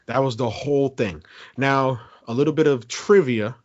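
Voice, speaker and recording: A man's voice: mid-range voice, moderate pace, no room sound. A man with a mid-range voice co-hosts a casual podcast, recorded on muffled lo-fi audio. He spins a long complaint with plenty of swearing and acts out his own lines. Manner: animated, profane, acts out his own quotes. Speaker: podcast co-host. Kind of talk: casual storytelling chat.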